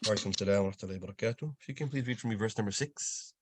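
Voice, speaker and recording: A man teaching Quran recitation over a video call, patiently correcting students and slowly demonstrating sounds. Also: fairly low pitch, husky. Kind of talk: online tajweed lesson, giving corrections.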